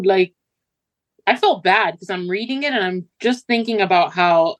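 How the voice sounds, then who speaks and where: A woman in casual book chat, lively and laughing as she acts out her reactions. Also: mid-range voice, normal speed. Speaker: book club member.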